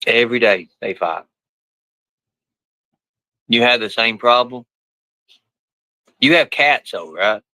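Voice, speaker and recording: A man talks loosely to his pets and viewers, with a bright, forceful tone. His speech is rough and colloquial, full of casual swearing. The sound is close and dry. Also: medium pitch, lively intonation, slow pace, pauses often, no echo, rough recording. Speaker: live streamer. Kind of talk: casual live-stream chat.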